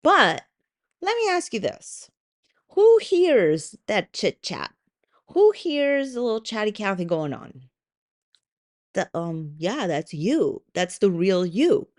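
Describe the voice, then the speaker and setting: Lively, casual woman podcast host. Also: mid-range voice, slow. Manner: lively storytelling with swearing and voiced asides; conversational, with frequent likes and ums. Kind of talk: casual solo podcast talk.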